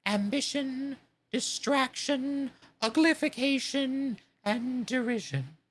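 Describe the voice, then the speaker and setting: A woman voicing a melancholy old male Mock Turtle, drawing out her words slowly with sighs. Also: high-pitched, animated, breathy edge, pitched above the performer's own voice, full character voice. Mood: mournful. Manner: slow, drawn-out, sighing delivery.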